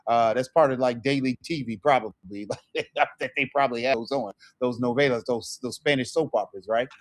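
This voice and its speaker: A man's voice: mid-range voice, fairly quick. A middle-aged man teaching an online Spanish lesson, repeating phrases with rising emphasis.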